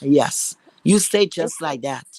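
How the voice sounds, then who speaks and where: A woman's voice: low voice, animated, slow pace, warm tone, dry recording. A woman from Trinidad, ranting profanely and emphatically as a guest on a casual live chat. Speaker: livestream guest.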